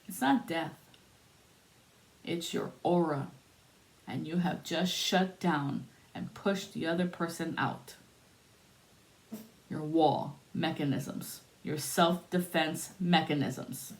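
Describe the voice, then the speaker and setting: A woman telling a spiritual story in a soothing, drawn-out way, pausing between phrases. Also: low voice.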